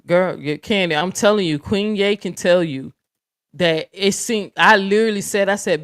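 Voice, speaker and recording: A woman's voice: mid-range voice, normal speed, clean tone. A woman in the middle of her vocal range hosts a casual livestream, addressing her chat directly. She talks bluntly and swears freely, with an outspoken, unfiltered delivery. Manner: blunt, profane, talks straight to viewers. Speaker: livestream host.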